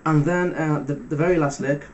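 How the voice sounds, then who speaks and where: A man giving a casual step-by-step guitar lesson, talking through fret numbers in a relaxed way with fillers. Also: on the high side, moderate pace, lo-fi sound, slight background noise. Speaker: guitar teacher. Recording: loud guitar music under the voice. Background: electric guitar playing between phrases.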